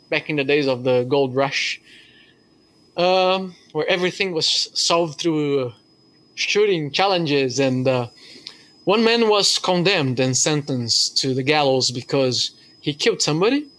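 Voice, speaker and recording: A man's voice: fairly high pitch, a bit bright. A man preaching a sermon as pastor, telling a story earnestly with hesitations.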